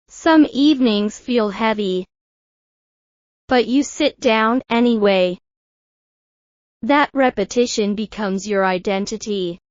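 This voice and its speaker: Very slow, calm woman teacher. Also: a little high, no echo, lo-fi sound. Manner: calm, measured, soothing instructions. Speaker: English teacher. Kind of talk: calm guided speaking drill.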